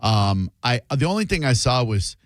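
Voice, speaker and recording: A man in his fifties co-hosting a radio talk show, easygoing and joking with his partner. His voice sits at an ordinary male pitch, recorded dry and close in the studio. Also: very animated, normal speed, no echo. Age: 50s. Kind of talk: casual radio chat.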